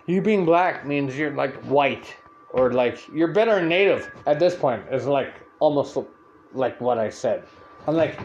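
A man hosting a podcast, telling a story in a loud, profane, animated rant and acting out what people said. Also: medium pitch, unhurried, dull audio, slight background noise. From Canada. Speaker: podcast host.

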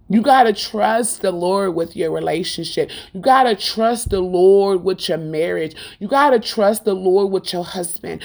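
Speaking at medium pitch with a slightly mellow tone, a Christian woman delivers an informal, preachy sermon. She is fervent and rhythmic, repeats phrases for emphasis, and puts rhetorical questions directly to the audience.

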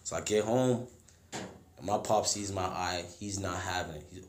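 A young man telling a story in loose, slangy chat, jumping up high and loud whenever he quotes someone. His voice sits mid-range for a man. The room around him sounds echoey. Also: fairly quick. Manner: animated, slangy, acts out quotes in a much higher louder voice. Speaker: podcast guest telling a story.

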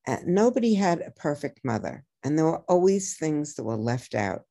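Low mellow woman guiding gently. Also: very animated, vocal fry. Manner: reflective, repeats key phrases slowly like a mantra. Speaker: psychotherapist and author, guest. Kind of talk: podcast interview, advice.

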